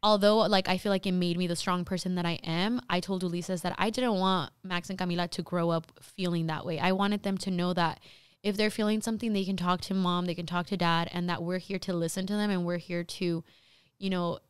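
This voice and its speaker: A woman's voice: lowish voice, level tone, a little fast, smooth, no room sound, studio quality. A young woman, a podcast co-host and mother, chatting casually and often laughing. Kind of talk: casual chat.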